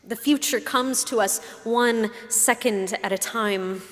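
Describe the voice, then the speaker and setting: Lady preacher giving a sermon, slow and heartfelt, big echoey church sound. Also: fairly high pitch. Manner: emotional, reflective storytelling with rhetorical questions. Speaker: pastor. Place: church sanctuary. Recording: long hall reverb.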